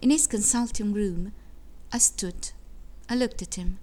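A woman reading a literary short story aloud in a measured, expressive way. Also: mid-range voice. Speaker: reader.

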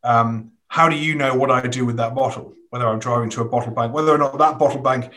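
A man's voice: medium pitch, fairly even intonation, fast talker, bright, forceful tone. A man interviewing a guest, asking long, thoughtful questions and telling anecdotes in a conversational way.

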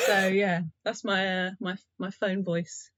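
A woman's voice: mid-range voice, flat delivery, a little slow, a bit bright, no echo. A young woman, a podcast guest, chatting in a down-to-earth way with lots of laughter. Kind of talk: casual chat.

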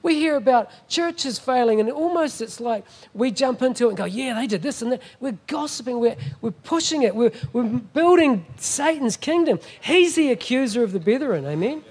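A man's voice: extremely high pitch, animated, normal speed, hardly any pauses, darkish tone, breathy edge. A middle-aged man preaching a sermon as a guest pastor, emphatic and often asking the congregation "Amen?".

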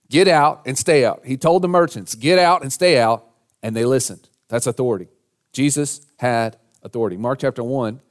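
A male pastor delivers a sermon into a church microphone. His voice sits at a middle pitch, and he rises to loud, emphatic lines when he quotes scripture.

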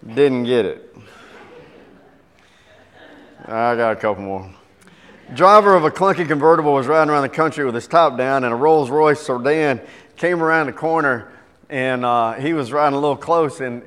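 A man's voice: medium pitch, clean tone. Man preaching in a reverberant hall. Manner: animated joke-telling, then quieter teaching. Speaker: pastor. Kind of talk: sermon with scripture reading and jokes.

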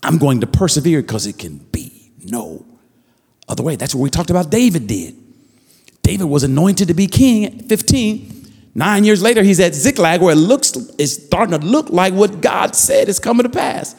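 A man's voice: high voice, big pitch swings, moderate pace, darkish tone, husky, big-room sound. A man preaching a fervent sermon as pastor, repeating phrases and building with rising calls to the congregation.

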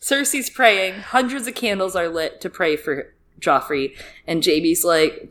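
Woman co-host, lowish voice, animated and jokey, swears freely, casual book chat. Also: a little slow. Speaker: podcast co-host.

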